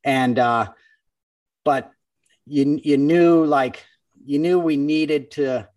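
A comedian guest on a podcast tells a story in casual conversation, his voice a little high and his pace slow, animatedly acting out other people's voices as he goes. The podcast microphone sits at a distance, and there's no echo.

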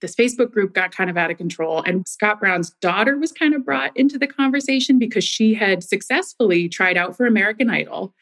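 Woman caller, 30s, from massachusetts, chatty storytelling, middle pitch, keeps laughing as she goes. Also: fairly quick, few pauses. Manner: laughs often mid-sentence, animated. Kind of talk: casual storytelling.

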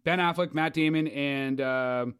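A man co-hosting a casual podcast chat, animated and excitable, swearing freely as he talks. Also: fairly high pitch, measured pace, clean tone. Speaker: podcast co-host.

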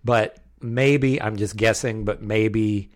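Man, lowish voice, podcast co-host, casual film chat, rambling, restarts sentences. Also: fairly even intonation, takes it slowly. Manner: rambling, many restarts and hedges.

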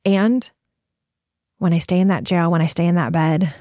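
A middle-aged woman podcast host speaking in a casual, animated motivational monologue, full of fillers and swearing. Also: lowish voice, moderate pace, no room sound, clean studio sound. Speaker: podcast host and retreat coach. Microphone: studio microphone.

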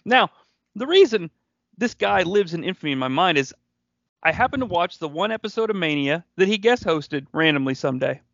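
Gravelly man rambling on a podcast. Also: high-pitched, expressive, brisk, fairly bright tone, no room sound. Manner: rambling, hesitant, full of restarts. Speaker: podcast co-host. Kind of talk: casual podcast chat. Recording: dry, slightly dull lo-fi recording.

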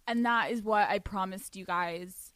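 A young woman hosting her own podcast, swearing freely and laughing as she talks. Her voice sits at an ordinary middle pitch for a woman. The sound is close and dry, with no room echo. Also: fairly bright tone. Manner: brash, profane and rapid, with frequent laughs. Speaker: podcast host. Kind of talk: solo podcast rant and sex-advice talk.

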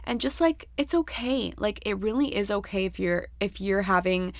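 A woman's voice: medium pitch, expressive, moderate pace, dry recording, clean studio sound. A young woman hosting a podcast solo, talking casually and candidly with lots of fillers and swearing. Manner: chatty, candid, swears freely, many fillers. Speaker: podcast host.

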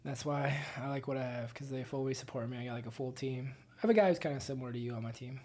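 Low husky fast-talking woman. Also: mellow. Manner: storytelling, profane, laughing asides. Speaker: guest. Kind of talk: casual podcast chat.

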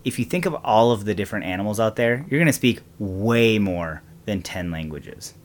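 A man's voice: on the low side, animated, normal speed. A young man co-hosting a podcast in casual chat, laid-back and chatty, laughing often. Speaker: podcast co-host.

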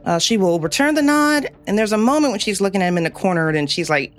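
A woman's voice: medium pitch, animated, quick pace, soft background music. A woman playing in a tabletop role-playing game, describing her character's actions in a casual, slightly hesitant way. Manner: casual, hesitant, starts with fillers. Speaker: player.

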